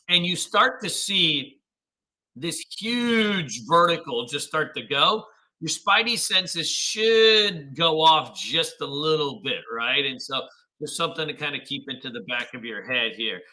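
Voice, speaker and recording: A man's voice: fairly high pitch, bright, forceful tone, rough recording. A man hosting a live trading stream, greeting viewers with upbeat slang and walking through charts in casual commentary.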